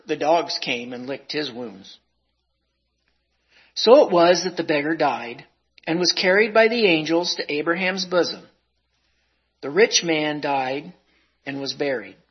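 A male preacher speaks slowly and deliberately, reciting with emotion. His voice is husky and breathy. The recording sounds dull and lo-fi. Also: high-pitched. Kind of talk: sermon with dramatic poem reading.

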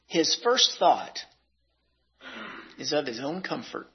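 Slow husky preacher man. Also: a little high, big pitch swings. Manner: slow, deliberate, emotional recitation. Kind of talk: sermon with dramatic poem reading. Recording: dull lo-fi recording.

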